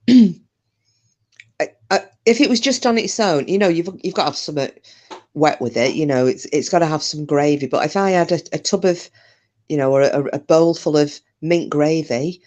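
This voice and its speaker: A woman's voice: sits low, normal speed, pauses often, a little mellow. British woman, live-stream host, chatty and rambling, casual, answers comments by name. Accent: British English.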